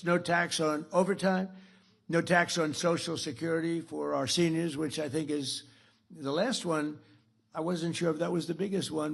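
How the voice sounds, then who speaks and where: A man's voice: on the high side, vocal fry. A man in his seventies giving a rambling, boastful after-dinner speech at a podium, restarting sentences and adding asides. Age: 70s. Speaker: speaker at a club dinner. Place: dinner event.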